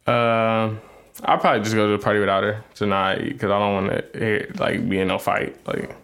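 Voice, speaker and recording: A young man co-hosting a casual podcast with his partner, talking bluntly with a lot of profanity and getting loud and animated when riled. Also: lowish voice, fairly quick. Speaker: podcast co-host. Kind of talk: casual couple podcast chat.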